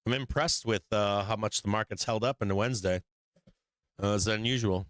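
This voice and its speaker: A man's voice: lowish voice, brisk, fairly bright tone, no echo. A man hosting a live stock market stream, explaining charts casually with frequent swearing and rambling asides. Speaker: stock market livestream host.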